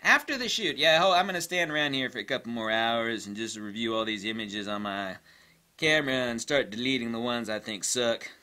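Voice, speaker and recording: In a sarcastic, exasperated monologue, a male photography vlogger rants about camera habits and often mocks others in put-on voices. His medium-pitched voice is brisk, pushed and bright.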